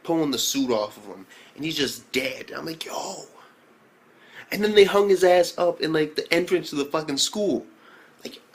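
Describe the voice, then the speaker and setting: A man talks through an anime episode in a loose, casual review vlog. His delivery is slangy and full of swearing, and he keeps the energy excitable from start to finish. His pitch sits in a middle range for a man.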